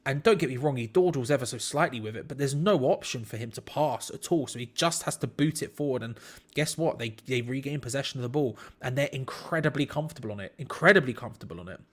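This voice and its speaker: A man's voice: medium pitch, fast talker, a bit bright. A man hosting a live football watch-along, commenting on play to his chat in disbelief and laughing at bad defending.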